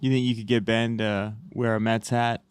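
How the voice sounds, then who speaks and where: A man co-hosting a casual sports podcast, chiming in with deadpan jokes. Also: fairly low pitch, moderate pace, clear, resonant tone. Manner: deadpan joking. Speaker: podcast co-host.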